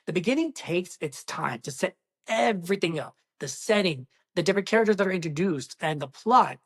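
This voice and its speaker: A woman giving a casual movie review, excitable and exclamatory, talking straight to her viewers. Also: on the low side. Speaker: film reviewer.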